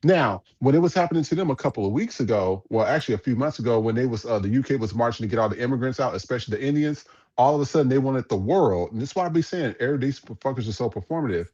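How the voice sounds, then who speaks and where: A man's voice: medium pitch, lively intonation, very fast, a little mellow, dull audio. A man hosting a podcast, giving casual news commentary in a blunt, profane ranting manner. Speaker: podcast host.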